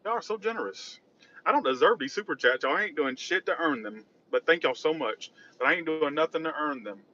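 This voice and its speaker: Guy livestreaming from his car, rambly, bright kinda high voice, muffled lo-fi sound. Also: expressive, a little fast. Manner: rambling, reacts to chat and traffic. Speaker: tarot reader livestreaming. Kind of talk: casual livestream chat. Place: in a car driving.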